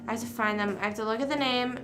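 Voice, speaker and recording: A woman's voice: on the high side, steady tone, very fast, over music. A woman live streaming in casual chat, rambling and venting with casual swearing.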